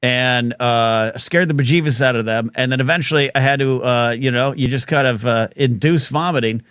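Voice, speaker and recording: A man's voice: mid-range voice, moderate pace, fairly bright tone, smooth, dry recording, clean studio sound. A man hosting a live talk show, telling a rambling story full of fillers and restarts.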